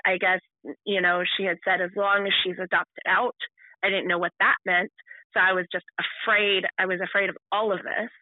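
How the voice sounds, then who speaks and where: Woman guest recounting her own past, halting and restarting often; thin phone-line sound. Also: medium pitch, flat delivery, no echo. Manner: halting, full of restarts and fillers. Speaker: podcast guest. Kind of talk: personal storytelling.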